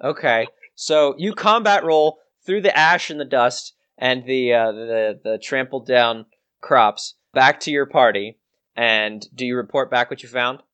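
A man narrating a tabletop game as game master, descriptive and unhurried with frequent restarts. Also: medium pitch, fairly bright tone, clear, resonant tone.

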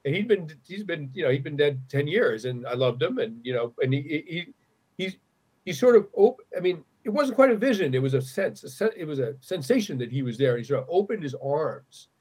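Middle-aged man, husky, earnest storyteller who stumbles and restarts as he talks. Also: a little high, very animated, brisk, a little mellow. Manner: earnest, restarts often when moved. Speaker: guest. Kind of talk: conversational storytelling.

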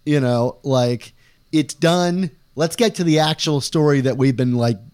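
A man's voice: a little high, measured pace, a little mellow, smooth. A man co-hosting a comics review podcast, talking casually and rambling with lots of filler words. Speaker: podcast co-host. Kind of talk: casual chat.

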